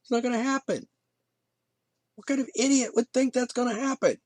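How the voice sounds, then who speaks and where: A man's voice: very high-pitched, a little fast, darkish tone, no echo. A man hosting his own show, ranting in an indignant, sarcastic monologue full of restarts and asides. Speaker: podcast host.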